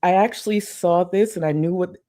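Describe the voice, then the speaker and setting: A woman's voice: fairly low pitch, moderate pace, mellow. A woman from Houston, Texas, chatting playfully as a live streamer and thanking viewers for super chats, laughing often and using slang. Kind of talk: casual livestream chat reading super chats.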